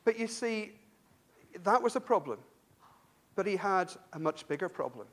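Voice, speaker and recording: Casual preacher with a notably high male voice, chatty and self-deprecating. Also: sing-song, normal speed, a bit bright. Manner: conversational, repeats words, self-deprecating asides. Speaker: university lecturer. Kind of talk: sermon.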